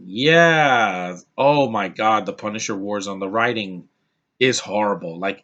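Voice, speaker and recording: A man's voice: on the low side, bright, forceful tone. A man casually reviewing films off the cuff, rambling with restarts and blunt opinions. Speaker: film reviewer.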